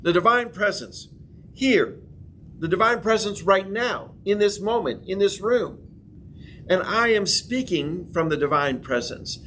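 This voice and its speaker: A middle-aged male pastor leads a church class in a slightly high voice, swinging up into emphatic proclamations. He has the room repeat affirmations after him. A faint room hum sits behind him. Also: lively intonation, a little slow, a bit bright. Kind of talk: sermon class teaching.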